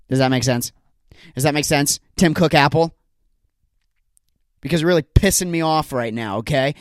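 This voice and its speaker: Recorded on a studio podcast microphone with no room sound, this young male host has a voice on the high side. Alone on his comedy podcast, he meanders through stories, exasperated and poking fun at himself.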